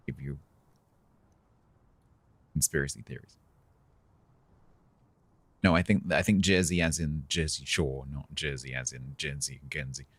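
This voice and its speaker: A British streamer playing a naval game talks with his viewers in a dry, sarcastic, casual manner. His voice is a rumbling low one with a breathy edge, recorded with no room sound.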